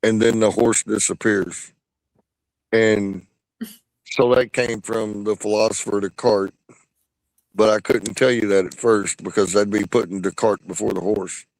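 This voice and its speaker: A man's voice: on the low side, fairly even intonation, unhurried, no room sound, rough recording. A man telling jokes in casual chat on a video call, giggling through his own punchlines.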